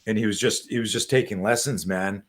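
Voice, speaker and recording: A man in his sixties, a self-defense coach telling stories as an interview guest, animated and profane, on a video call. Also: fairly low pitch, fairly quick. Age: 60s. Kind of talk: casual interview storytelling.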